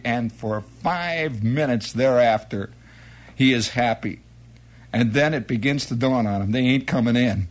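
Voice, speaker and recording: A middle-aged man telling a rambling comic monologue, jumping into quoted voices and exclamations. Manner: rambling, animated storytelling with sudden high-pitched quoted exclamations. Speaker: comedian.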